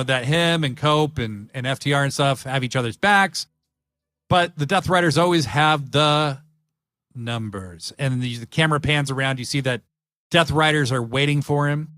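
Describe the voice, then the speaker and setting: A man's voice: on the high side, moderate pace, fairly bright tone, no echo, studio quality, faint music behind. A man hosting a podcast, chatting eagerly and rambling with lots of fillers. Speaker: podcast host. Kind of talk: casual chat.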